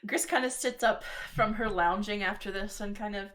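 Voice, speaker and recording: A woman's voice: mid-range voice, normal speed, a bit bright. A woman playing a tabletop game, describing her character's actions with lots of fillers. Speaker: player.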